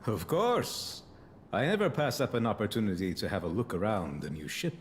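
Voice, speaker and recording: Wry philosophical spacer, low voice, lively pitch swings, game dialogue, faint hum behind. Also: male voice, moderate pace. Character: calm poetic man, a wry spacer. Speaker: game character.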